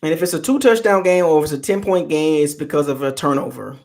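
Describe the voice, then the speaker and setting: A man's voice: on the high side, fast talker, a little mellow. A man hosting a football fan channel, chatting casually on a live stream and teasing fans in the chat. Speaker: sports channel host.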